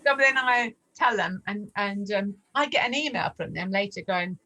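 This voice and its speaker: A woman in her forties telling her faith testimony in a lively, animated way, acting out the voices in her story. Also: normal speed, poor audio. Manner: animated storyteller, acts out dialogue with big pitch jumps. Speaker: guest sharing testimony. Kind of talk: storytelling testimony in a casual chat.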